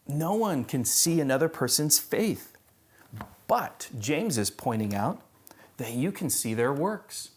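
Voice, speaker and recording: Lebhafter Prediger, Mann, Gemeindegottesdienst. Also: male voice, mid-range voice. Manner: conversational, animated preaching with humor. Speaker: pastor. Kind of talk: sermon.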